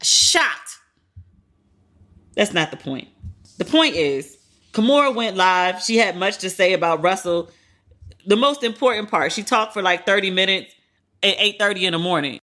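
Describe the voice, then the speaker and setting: A woman's voice: mid-range voice, lively intonation, normal speed, fairly bright tone. A woman hosting a podcast, giving frank, profane pop-culture commentary and retelling what others said in casual quoted asides. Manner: candid and profane, heavy use of "like". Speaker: podcast host.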